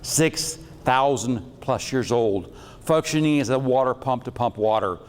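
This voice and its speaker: A male lecturer working through his slides on mystical subjects in a loose, wandering way. He throws in teasing jokes and blunt asides, and his voice sits at an ordinary middle pitch. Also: a little slow, in a large hall. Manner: rambling, jokey and irreverent. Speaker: metaphysics lecturer.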